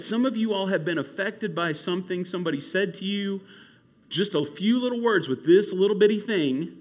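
A man preaching to a youth camp in an animated, casual storytelling way. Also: high voice. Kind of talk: youth sermon.

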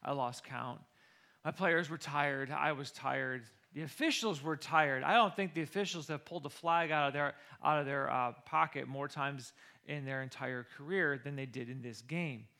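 Man, football coach, animated storyteller: high, forceful voice, quotes people with their own voices. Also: normal speed, gravelly. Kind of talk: personal storytelling.

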